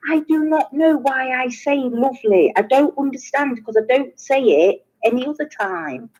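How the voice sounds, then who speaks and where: A woman chatting on a live stream, hesitant and halting, often laughing between her words. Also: high voice, expressive, darkish tone, low-quality recording. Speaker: guest on a live chat. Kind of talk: casual live-stream chat.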